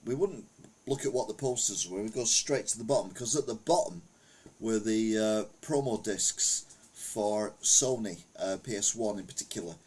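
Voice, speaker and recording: A man's voice: lowish voice, normal speed, a little mellow, breathy edge. A middle-aged man from England chatting casually on a retro gaming live stream, rambling through old stories and reading chat aloud. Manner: rambling anecdotal storytelling, reads chat aloud.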